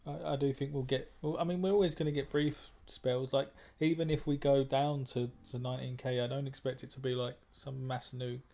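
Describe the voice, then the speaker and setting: A man's voice: medium pitch, flat delivery, fairly quick, vocal fry, few pauses, mellow. A man, a trader and moderator, talking bluntly in a casual group discussion, often repeating words as he thinks.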